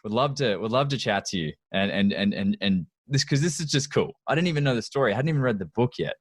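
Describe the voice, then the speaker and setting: A man's voice: fairly low pitch, animated, quick pace, no room sound, clean studio sound. A middle-aged man hosting a podcast, chatting with enthusiasm, laughing often and telling anecdotes. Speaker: podcast host. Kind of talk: casual interview chat.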